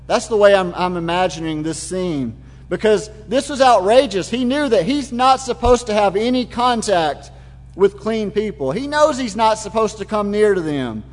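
A man's voice: high voice, lively intonation, moderate pace. A man preaching a sermon, retelling the scene in vivid, imaginative detail. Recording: long hall reverb.

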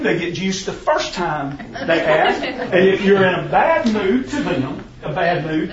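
A man's voice: high-pitched, a little hiss or hum. A man preaching a conversational sermon, earnest and given to restarting his phrases. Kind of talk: sermon on parenting. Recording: roomy, distant, dull sound.

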